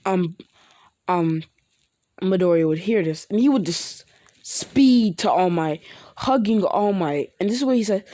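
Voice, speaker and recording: A woman's voice: mid-range voice, expressive, normal speed, dark tone, dry recording, clean studio sound. A woman improvising fan fiction narration in a rambling way, full of restarts and fillers. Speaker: storyteller.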